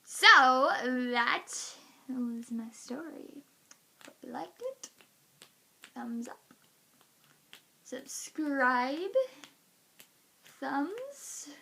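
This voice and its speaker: A woman's voice: high voice, drawn-out words, vocal fry, pauses often, a little hiss or hum. A woman vlogging, telling a story casually and acting out everyone's reactions with plenty of "like". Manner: animated, acting out reactions, lots of "like".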